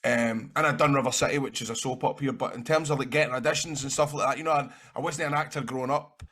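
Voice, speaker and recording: Man, Scottish accent, mid-pitched voice, rambling anecdotes, animated, swears casually. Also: quick pace. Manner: animated, rambling, swears freely, acts out quotes. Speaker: interview guest, actor and wrestler.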